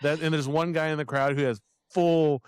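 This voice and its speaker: A man's voice: on the high side, steady tone, moderate pace, smooth, no echo, clean studio sound. A man co-hosting a podcast, joking and laughing through a casual chat about a film, with some swearing. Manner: jokey, laughs often, swears. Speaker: podcast co-host.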